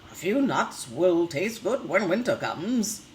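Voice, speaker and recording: Storybook rooster, eager and practical, brisk read-aloud with a lilt, read by a woman, lively swings in pitch, slow pace. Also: a little hiss or hum.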